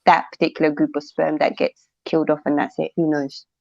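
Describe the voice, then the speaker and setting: A woman's voice: sits low, little pitch movement, fairly quick, vocal fry, a little mellow, dry recording. A woman co-hosting a livestream, chatting casually and reading viewer comments aloud. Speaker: livestream co-host. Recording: dry, dull lo-fi stream audio.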